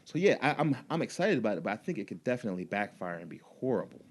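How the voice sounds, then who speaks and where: Low-voiced, opinionated podcast co-host man. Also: sing-song, racing. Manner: opinionated, loose and profane, with frequent restarts. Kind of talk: casual chat. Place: studio.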